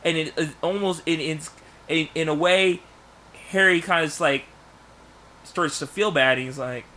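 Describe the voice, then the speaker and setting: A man in casual podcast chat, pitching a movie plot in rambling bursts with many restarts. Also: moderate pace, a little hiss or hum. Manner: rambling storyteller, many restarts, bursts of loud acted lines. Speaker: podcast co-host.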